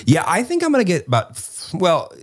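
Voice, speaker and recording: A man's voice: high voice, a little fast. A man in his late twenties hosting a casual podcast chat, telling stories with acted-out quotes and casual swearing. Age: late 20s. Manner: animated storyteller, swears casually, acts out quotes. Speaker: podcast host.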